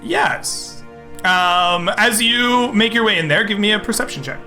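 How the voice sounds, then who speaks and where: A man running a tabletop game as game master, narrating in a relaxed, chatty way with many fillers. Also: high-pitched, a little slow. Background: faint background music.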